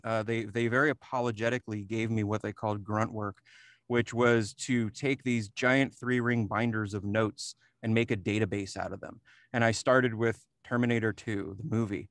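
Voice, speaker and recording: Man in a relaxed interview, lowish and dry, laughs easily. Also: moderate pace, no room sound. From New Jersey. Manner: relaxed, chuckles often, many fillers and restarts. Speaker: re-recording mixer, interview guest. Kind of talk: casual interview talk.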